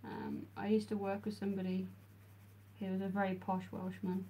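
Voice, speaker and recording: A woman's voice: mid-range voice, monotone, normal speed, mellow, a little hiss or hum. A young woman from the English Midlands, chatting casually with her livestream viewers while she draws, answering their messages with frequent ums. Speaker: streamer.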